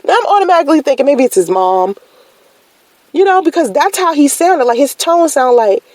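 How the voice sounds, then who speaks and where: A woman tells a personal story in a loose, slangy way. Her pitch swings widely and shoots up when she voices her own shock. Her tone is mellow and the recording is dry and close. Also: no echo, low-quality recording. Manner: animated, slangy storytelling with sudden high-pitched exclamations. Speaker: vlogger telling a personal story. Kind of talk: casual storytelling.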